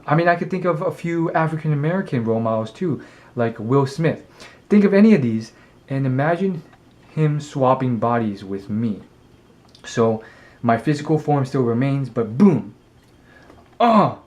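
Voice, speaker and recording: A man's voice: medium pitch, a little mellow. A man vlogging, talking to camera in a casual, rambling way with many hesitations and fillers. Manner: rambling, hesitant, lots of ums.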